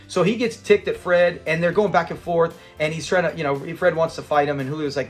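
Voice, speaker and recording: A man's voice: fairly high pitch, brisk, soft background music. A man hosting a fan channel, rambling through casual commentary and acting out quoted lines as he recounts scenes. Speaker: host of a classic sitcom fan channel.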